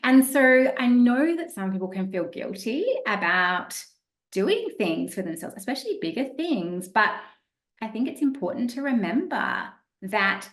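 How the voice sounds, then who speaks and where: A woman's voice: mid-range voice, vocal fry. A woman hosting a podcast interview, thoughtful and affirming, summing up her guest's points. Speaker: podcast host. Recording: echoey room sound.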